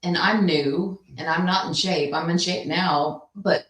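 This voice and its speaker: A woman co-hosting a casual chat, telling stories in an animated, laughing way. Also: on the low side, measured pace, echoey room, low-quality recording. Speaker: co-host.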